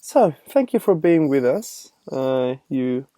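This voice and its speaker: A woman's voice: extremely low pitch, big pitch swings, slow pace, warm tone, no room sound. A woman co-hosting a podcast in casual chat, talking in an easygoing way with short replies. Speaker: podcast co-host.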